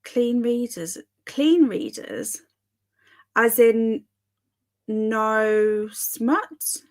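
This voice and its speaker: A woman's voice: on the high side, sing-song, very slow. A young woman hosting a live stream, chatting casually and reading viewer comments aloud in a giggly, bemused way. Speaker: livestream host.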